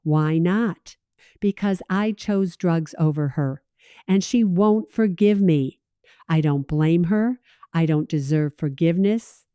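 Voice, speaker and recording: A woman's voice: on the low side, slow pace, warm tone, clean tone, dry recording, studio quality. A woman voicing a regretful mother recovering from an overdose, talking in a shaky, ashamed way.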